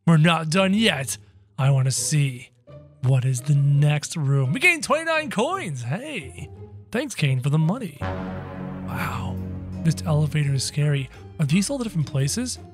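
A man playing a brash, cocky cartoon rabbit jester, chatting excitably through a game and yelping when scared. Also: on the high side, measured pace, soft background music. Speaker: gaming YouTuber playing in character. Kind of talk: in-character gameplay commentary.

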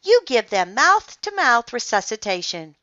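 A woman reading aloud, voicing a bossy know-it-all schoolgirl with a shrill, eager, whiny delivery. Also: sing-song, unhurried, a bit bright, no echo, highs cut off. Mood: prim.

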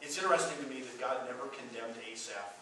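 A man's voice: medium pitch, fast talker, sharp tone, slight background noise. A man preaching a sermon to a congregation, emphatic and often repeating words as he goes. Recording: echoey hall recorded from far off.

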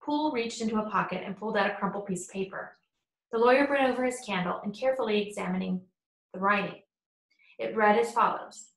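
A woman's voice: medium pitch, quick pace. Woman narrating a classic story. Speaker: audiobook narrator. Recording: roomy echo.

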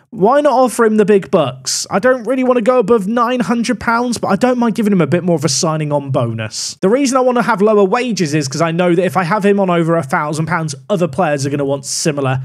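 Animated man musing over a game. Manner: musing aloud, wry asides, animated pitch swings. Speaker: gaming YouTuber. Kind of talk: casual game commentary.

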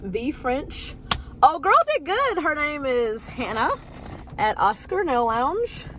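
A woman's voice: high voice, slow pace, slight background noise. A young woman vlogging, telling stories casually and sassily to the camera, acting out the people she quotes. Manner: animated, sassy, acts out quoted voices.

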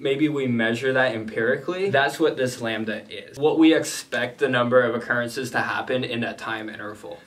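Male statistics tutor, mid-pitched, methodical and casual, recorded a bit off-mic. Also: fairly bright tone, far from the mic. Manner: plain, methodical explaining with casual asides. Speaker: statistics teacher. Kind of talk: explanatory lesson.

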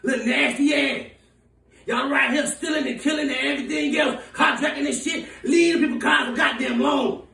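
Guy doing a furious cussing lady mayor, shouty and laughing, super high gravelly voice. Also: steady tone, moderate pace, exaggerated voice. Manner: shouting, profane, laughing rants. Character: furious foul-mouthed woman big-city mayor. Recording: echoey room, voice from far off.

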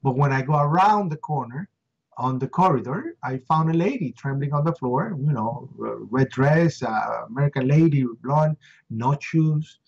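A man's voice: lively intonation, normal speed, darkish tone. A middle-aged man from Puerto Rico recounting an eyewitness story with emotion, acting out the voices of people he quotes. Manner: acts out quoted voices with rising pitch. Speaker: interview guest. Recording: dull lo-fi recording.

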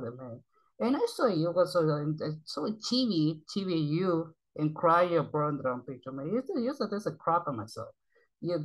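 A man from Japan who speaks English with a Japanese accent as a second language. He rambles through casual reaction commentary, halting, repeating words and swearing often. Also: a little high, rough recording. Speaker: YouTube reactor.

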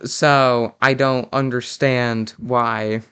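A smooth-voiced young man, sarcastically mock-outraged. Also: mid-range voice, flat delivery, extremely slow, a bit bright. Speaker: parody commentator. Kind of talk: mock-critical reaction commentary.

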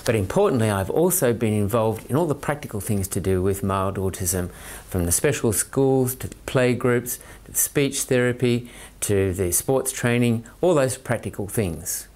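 A man's voice: fairly low pitch, animated, normal speed, a little mellow. A man with an Australian accent, a parent presenting a scripted talk in an earnest, methodical way, counting off his points by number. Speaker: parent and autism training promoter.

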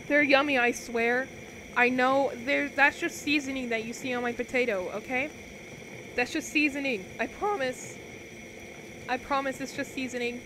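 A woman's voice: high voice, moderate pace, noisy background. A young woman casually commentating on a cooking game she is streaming, talking playfully to her viewers as she plays.

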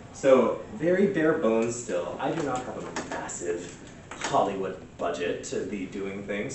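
A man's voice: fairly low pitch, noisy background. Chatty man presenting in an echoey room. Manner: relaxed, chatty, many fillers and "like". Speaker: workshop presenter. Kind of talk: casual workshop talk. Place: church meeting room. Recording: echoey room recorded from far off.

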